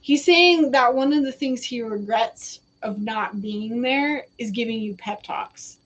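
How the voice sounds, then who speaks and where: A woman's voice: a little high, a little slow, poor audio. A young woman giving psychic readings on a live stream, chatty and giggly, often quoting spirits in a casual voice. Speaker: psychic reader.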